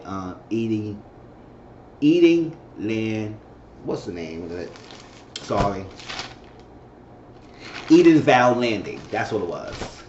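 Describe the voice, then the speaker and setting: Chatty man recapping a show in a roomy room. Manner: chatty, repeats himself, acts out characters' lines in a high falsetto. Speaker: TV episode reviewer. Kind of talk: casual episode recap. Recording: muffled, roomy recording with faint hiss.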